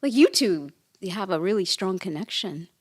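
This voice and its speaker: A woman's voice: mid-range voice, expressive, normal speed. A woman co-hosting a casual podcast, playful and full of curious questions. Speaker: podcast co-host and medium. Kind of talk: casual chat.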